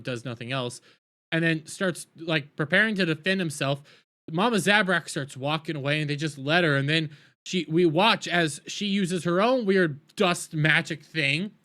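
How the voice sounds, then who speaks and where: Bright-voiced man ranting. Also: fairly high pitch. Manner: animated, exasperated, stumbles and restarts. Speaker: TV show reviewer. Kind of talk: ranting episode recap.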